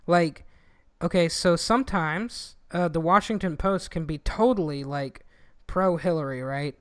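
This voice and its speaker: A young man co-hosting a podcast, talking in a loose, rambling way and swearing a lot. His voice is smooth and clear, and it sits at a middle pitch. The sound is dry and close, with no room around it. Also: unhurried, no room sound. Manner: rambling, profane, animated when quoting people. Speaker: podcast co-host. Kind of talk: casual chat.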